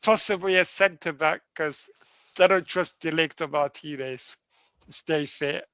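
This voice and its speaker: A man chatting casually as a regular panelist on a fan show, blunt and quick to laugh. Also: on the high side, fairly bright tone, clear, resonant tone, dry recording. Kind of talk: casual chat.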